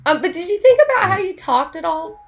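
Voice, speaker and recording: A woman teaching an online Spanish class in a chatty, animated way, laughing often. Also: very high-pitched, brisk, vocal fry.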